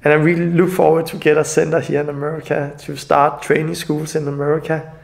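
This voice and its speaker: Gravelly, tearful man, earnest and halting. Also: a little high, flat delivery. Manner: earnest, halting, non-native phrasing. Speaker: evangelist. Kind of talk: emotional personal video message.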